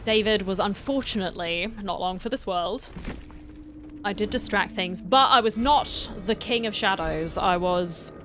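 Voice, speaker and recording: A woman's voice: medium pitch, unhurried, music in the background. Chatty woman streaming a game. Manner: chatty, answering chat, playfully dramatic. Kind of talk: casual live-stream chat while gaming.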